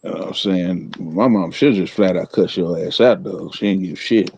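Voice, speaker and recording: A laid-back man co-hosting a podcast, talking in blunt, slangy casual chat. His voice is very low and gravelly with a husky edge, and it swoops around a lot. He sounds dull and lo-fi, as if he were sitting a little off the mic. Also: normal speed, a little mellow, dry recording.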